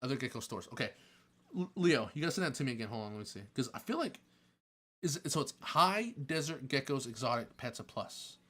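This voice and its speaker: A man on a live stream answers chat questions casually in a medium-pitched voice at a fairly quick pace. He's chatty and excitable, joking and laughing often.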